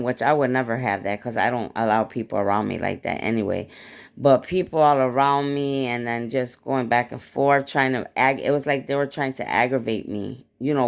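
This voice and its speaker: A woman casually recounting a dream to viewers with blunt, profane, animated storytelling; her mouth is dry. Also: very deep voice, vocal fry. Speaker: spiritual vlogger.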